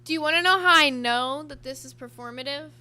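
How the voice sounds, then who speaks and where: A woman's voice: high voice, fairly quick, sharp tone. A woman co-hosting a casual reaction show, talking bluntly and emphatically with plenty of swearing. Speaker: co-host.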